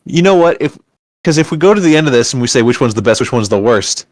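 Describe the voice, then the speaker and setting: A man with a mid-range voice co-hosts a podcast in a relaxed chat. He teases his co-host and jokes often. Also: mid-range voice, no echo. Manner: teasing, quick to joke. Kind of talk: casual chat.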